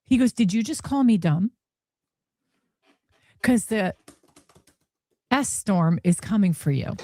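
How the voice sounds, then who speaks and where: A woman host reads texts aloud and comments on them, laughing and sounding incredulous. Her mid-range voice is mellow and lively in intonation, delivered slowly with no room sound.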